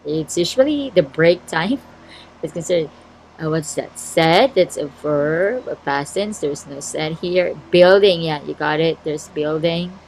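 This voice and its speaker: A woman's voice: deep voice, a little slow, a little mellow, a little hiss or hum, low-quality recording. A woman with a Filipino English accent, teaching an online class and reading out and checking her students' answers in a word game. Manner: checks answers aloud, encouraging.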